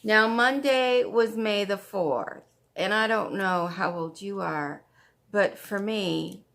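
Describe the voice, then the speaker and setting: A woman's voice: medium pitch, takes it slowly, vocal fry, a bit bright. A woman hosting a stitching vlog, chatting casually and gushing over her projects, often repeating herself. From Canada. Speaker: flosstube host. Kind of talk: casual show-and-tell chat.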